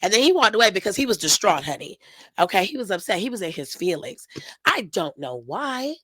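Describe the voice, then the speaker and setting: A woman's voice: medium pitch, big pitch swings, fairly quick, sharp tone, dry recording, poor audio. A woman hosting her own wrestling recap show, talking sassy and gossipy in a slangy way with lots of asides to her viewers. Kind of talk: casual recap commentary to camera.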